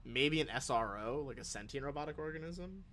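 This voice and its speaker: A man's voice: a little high, animated, fairly quick, a loud crowd. A man running a live-streamed tabletop game as game master, talking loosely with many fillers while thinking aloud.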